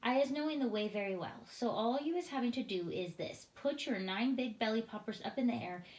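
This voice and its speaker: A woman's voice: a little high, a little fast, darkish tone, pitched above the performer's own voice, close to an everyday voice. A woman voicing a kind male giant in a read-aloud storybook, speaking with jumbled grammar and made-up words. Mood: calm. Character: big friendly male giant, gentle, mangles his words. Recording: roomy echoing room.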